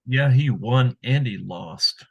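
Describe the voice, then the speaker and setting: A man hosting an interview podcast, asking brief, halting questions with "uh". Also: medium pitch, lively intonation, gravelly, husky, no echo. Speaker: podcast host. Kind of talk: casual interview chat.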